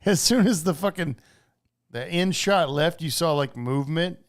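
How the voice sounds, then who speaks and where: A man's voice: on the high side, moderate pace. A man co-hosting a casual podcast, swearing often and calling his friend bro and dude. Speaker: podcast co-host. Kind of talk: casual sports and pop-culture chat.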